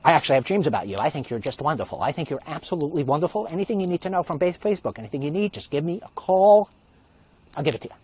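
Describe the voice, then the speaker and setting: A man's voice: a little high, lively intonation, very fast, a little mellow, breathy edge. A man voicing a fawning male tech executive who is eager to please an official caller. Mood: gushing. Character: gushing, starstruck male tech boss.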